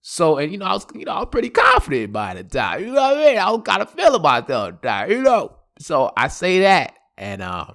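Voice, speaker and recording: A man's voice: a little high, fairly quick, few pauses. Brief: male podcast host spinning a funny story, loose slang, a voice that leaps all over. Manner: animated, slangy, laughing asides. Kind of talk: comedic storytelling.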